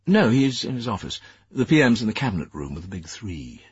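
A man voicing a grey-haired older woman, a long-serving office secretary, speaking in a brisk, matter-of-fact way. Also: fairly low pitch, big pitch swings, husky, no echo, dull audio, voice pushed up, full character voice.

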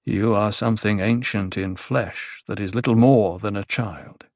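Man playing calm cryptic male advisor, measured, reasoning, slightly low, dry close audiobook sound. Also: no echo. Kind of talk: audiobook character voice.

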